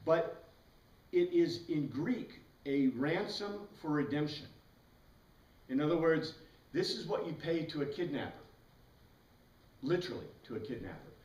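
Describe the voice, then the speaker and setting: Male Bible class teacher, fairly high voice, explanatory and keen, recorded from across an echoey classroom. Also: expressive, measured pace, pauses often, darkish tone, muffled recording. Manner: explanatory, spells out words letter by letter, enthusiastic asides. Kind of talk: classroom lecture. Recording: roomy echo, mic far away.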